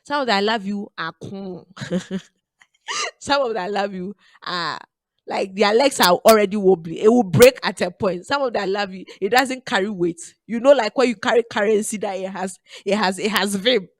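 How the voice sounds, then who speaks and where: A woman's voice: mid-range voice, moderate pace, no echo. Emphatic woman radio host. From Ghana. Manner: preachy, emphatic, repeats phrases. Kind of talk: motivational radio talk.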